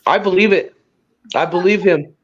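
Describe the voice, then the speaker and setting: A man with a high voice hosts a casual livestream, teasing his guests and swearing freely as he laughs through the banter. The sound is dull and lo-fi, like compressed stream audio. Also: moderate pace, a bit bright. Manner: teasing, profane, laughs often. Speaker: livestream host.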